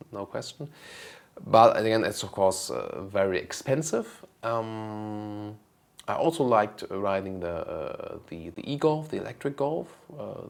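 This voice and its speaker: A man, hosting a car channel and casually answering viewer questions, relaxed and thinking aloud with lots of ums. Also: lowish voice, creaky. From Germany. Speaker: car review host.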